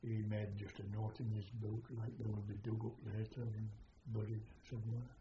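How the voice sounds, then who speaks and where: An older man, a war veteran, slowly recounting his memories in a halting way with many pauses during an interview. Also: on the low side, flat delivery, background noise. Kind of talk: oral history recollection. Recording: echoey, dull archival interview tape.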